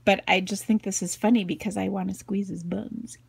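Chatty woman with a gravelly, husky voice. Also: medium pitch, fairly even intonation, fairly quick, no room sound. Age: middle-aged. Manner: chatty, giggly, self-deprecating asides. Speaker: craft video host. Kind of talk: casual crafting tutorial. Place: home craft room.

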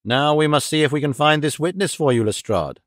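A man doing a calm, amused master detective. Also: a little high, fairly quick, no room sound, clean studio sound. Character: calm, clever, theatrical male detective. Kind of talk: audiobook character reading.

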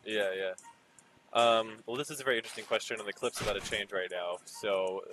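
A man's voice: lowish voice, steady tone, fairly quick, noisy background. A man hosting a let's play, chatting casually and goofily with silly nonsense rhymes. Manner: goofy, playful nonsense rhymes. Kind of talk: casual gaming banter. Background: game music.

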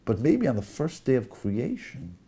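A man gives an animated sermon-style Torah lecture and explains each point directly to his listeners. His voice has a gravelly roughness and a husky edge. His pitch rises and falls freely. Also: normal speed. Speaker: rabbi.

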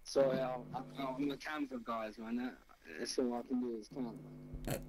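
A man's voice: mid-range voice, fairly even intonation, moderate pace, a loud crowd, rough recording. A man joining a game team's voice chat, sheepish and apologetic about how he plays. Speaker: random teammate. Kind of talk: casual gaming voice chat.

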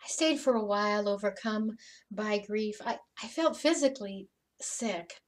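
Woman as an awed woman disciple, slow emotional church monologue with faltering repeats and whispers, heard from off the mic. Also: medium pitch, lightly acted. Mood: grieving. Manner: emotional, stammering repeats, sinking to soft whispers. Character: Mary Magdalene, woman disciple, joyful witness. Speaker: dramatic monologue in a church service. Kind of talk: first-person sermon monologue. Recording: voice from some distance off the mic.

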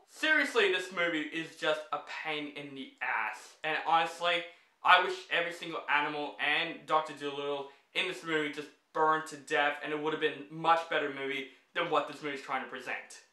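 Casting note: a male movie reviewer with a high, bright voice, fed-up ranting delivery, echoey room. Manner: exasperated, blunt, swears freely.

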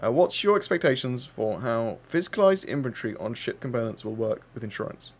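A man's voice: medium pitch, sing-song, fairly quick, faint music behind. Chatty man hosting a livestream. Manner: rambling, reads out viewer questions, chatty with lots of fillers. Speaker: livestream host. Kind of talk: casual livestream Q&A.

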